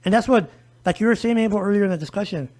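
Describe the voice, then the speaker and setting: A man with a high voice speaks as a disability rights advocate in a relaxed podcast conversation. He tells his story with animation and acts out the dialogue of the people he quotes. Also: racing. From El Paso, Texas.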